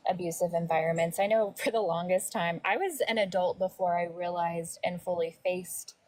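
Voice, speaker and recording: A woman's voice: lowish voice, fairly even intonation, moderate pace, a little mellow, no echo, rough recording. A woman co-hosting a call-in show, talking reflectively and earnestly with casual fillers. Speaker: co-host. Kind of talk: casual livestream chat.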